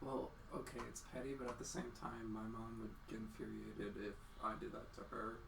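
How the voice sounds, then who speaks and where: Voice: mid-range voice, steady tone, fairly quick, creaky, noisy background. A guest on a casual podcast chat, easygoing and rambling with hesitant fillers.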